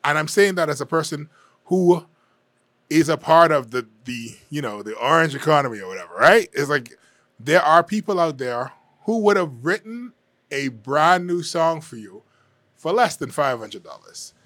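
A man giving his frank, conversational take on an election campaign, often hedging and pausing to think. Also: a little high, sing-song, fairly bright tone, dry recording. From Bahamas. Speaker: political commentator. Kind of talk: casual opinion monologue.

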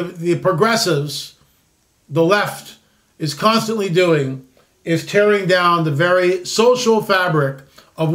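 A man's voice: sits high, a bit bright. A man in his sixties hosting a commentary show, talking in a rambling, emphatic way with many restarts. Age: 60s. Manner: rambling, with frequent restarts and repeated words; emphatic, disclaiming. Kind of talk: opinionated casual commentary.

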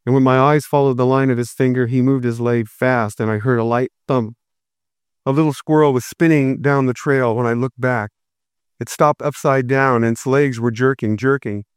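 Smooth-voiced male story narrator. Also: mid-range voice, steady tone, moderate pace, no room sound, clean studio sound. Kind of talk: first-person story narration.

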